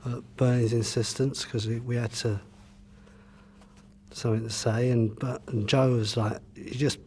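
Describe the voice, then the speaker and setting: A man's voice: mid-range voice, level tone, measured pace, a little mellow, a little hiss or hum. A musician answering interview questions and looking back on his band's early days in a loose, rambling way, with frequent "you know" and restarts. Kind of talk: casual reminiscing interview answer.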